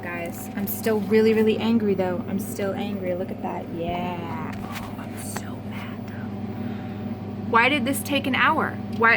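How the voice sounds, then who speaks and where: A woman's voice: mid-range voice, noisy background. A young woman vlogging casually to camera, frustrated and swearing at her printer. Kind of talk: casual vlog talking to camera.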